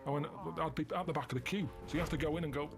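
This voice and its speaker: A man in casual chat, telling rambling deadpan stories. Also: a little high, rapid-fire, music in the background. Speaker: podcast guest.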